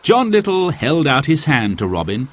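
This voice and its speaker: A man reading a children's storybook aloud with slow, clear, expressive narration. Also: medium pitch.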